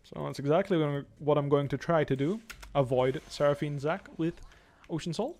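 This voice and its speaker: A young man giving live commentary while playing a video game, thinking aloud in a calm, analytical way. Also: on the high side, normal speed. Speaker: pro gamer streaming.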